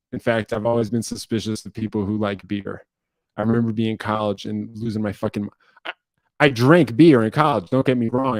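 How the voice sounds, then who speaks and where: A man's voice: on the low side, no echo. A young man from New Jersey, answering viewer questions in a casual livestream, rambling and swearing with self-deprecating asides.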